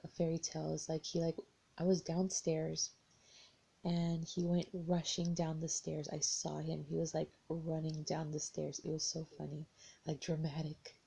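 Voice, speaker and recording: American woman vlogger, young, low flat husky voice with fry, rambling storyteller. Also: normal speed. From United States. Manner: rambling, hesitant, many restarts. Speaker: tarot vlogger. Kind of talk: casual personal storytelling.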